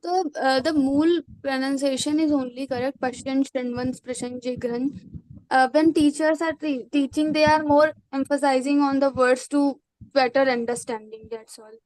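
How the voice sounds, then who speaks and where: High-voiced woman teaching online. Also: steady tone, moderate pace, darkish tone, dry recording, low-quality recording. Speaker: grammar teacher. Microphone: video call.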